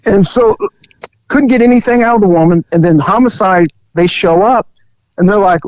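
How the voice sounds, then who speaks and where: A man co-hosting a podcast, telling a profane, animated story from his time as a police officer. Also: high voice, a little fast, no echo, highs cut off. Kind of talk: casual storytelling chat.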